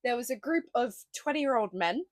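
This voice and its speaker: Lively young Australian woman, dry mic. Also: fairly high pitch, moderate pace, no room sound. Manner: animated storytelling with laughs and swearing. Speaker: podcast co-host. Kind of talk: casual chat.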